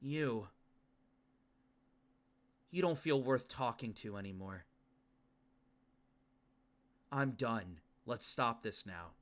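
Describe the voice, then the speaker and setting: A man voicing a cold male game villain who preaches about despair in slow, brooding speeches. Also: medium pitch, expressive, a bit bright.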